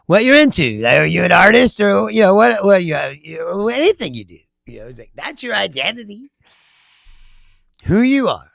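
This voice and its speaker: A man's voice: high-pitched, takes it slowly, vocal fry, pauses often, no room sound, studio quality. A middle-aged man hosting a casual political chat, reading viewer comments and answering with profane, laughing stories. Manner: laughing, profane, animated storytelling.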